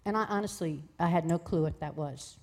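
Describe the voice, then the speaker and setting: A woman guest telling a personal testimony in a lively way, acting out the voices of people in her story. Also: lowish voice, a little fast. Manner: lively, acts out voices in quoted dialogue.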